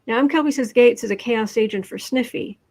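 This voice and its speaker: Livestream host, woman, chatty and quick with asides, voice sitting a bit high. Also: a little mellow. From Midwestern United States. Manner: chatty, quick asides, reads viewer comments aloud. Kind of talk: casual livestream chat reading cards and comments.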